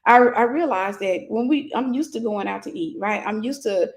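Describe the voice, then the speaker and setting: A woman's voice: mid-range voice, normal speed. A woman minister in her forties telling a personal story in a casual livestream sermon, greeting viewers by name.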